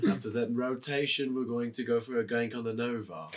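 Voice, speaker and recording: A man's voice: mid-range voice, over a noisy crowd, voice pushed down, lightly acted. A man doing a dreary English-voiced gamer. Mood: deadpan. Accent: English, put on. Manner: flat, dreary, slow narration. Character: dry, dull male gamer calling plays.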